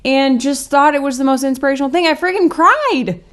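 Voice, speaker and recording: A woman's voice: high-pitched, fairly quick, fairly bright tone. A woman hosting a chatty, sarcastic reaction commentary, peppered with likes. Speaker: commentary host.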